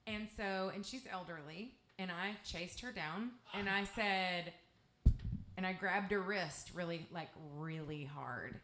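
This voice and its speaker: A woman with an East Texas accent spins a candid, salty, meandering story between songs. She talks at a slightly low pitch through a stage microphone. Her voice rings around an echoey live club room. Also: measured pace, bright, forceful tone. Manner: candid, profane, rambling storytelling. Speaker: guest singer-songwriter.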